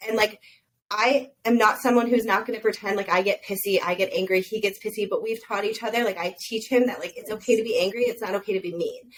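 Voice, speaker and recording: A young woman talking casually as a podcast guest, emphatic and fast, with lots of "like" fillers. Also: medium pitch, low-quality recording.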